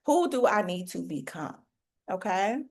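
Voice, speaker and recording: A woman's voice: mid-range voice, very animated, unhurried, gravelly. Preachy woman coach, folksy faith-filled talk. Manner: preachy, faith-filled, rhetorical questions, colloquial. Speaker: business coach for hairstylists.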